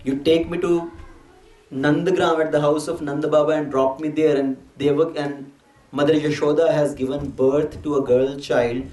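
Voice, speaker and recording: A man narrates a devotional sermon, explaining each step and slipping in Hindi words. His voice sits fairly high for a man, and it comes from a distance through a big, echoing hall. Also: level tone, normal speed, a little mellow. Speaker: scripture storyteller. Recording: echoey hall, distant mic.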